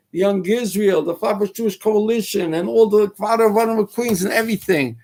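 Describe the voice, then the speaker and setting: A man with a notably high voice hosts a talk show, preaching his views in an emphatic monologue. He fires off rhetorical questions and peppers his speech with Hebrew and Yiddish terms. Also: darkish tone. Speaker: radio talk host. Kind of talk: political commentary monologue.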